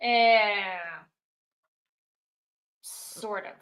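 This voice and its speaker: A woman's voice: medium pitch, steady tone, extremely slow, smooth, muffled recording. A woman giving short, hesitant, playful replies in casual live-stream banter. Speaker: co-host artist.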